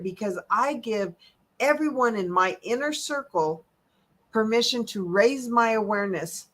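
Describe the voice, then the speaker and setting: A woman holistic health coach giving an animated, emphatic motivational talk, swinging between loud and soft. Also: fairly high pitch.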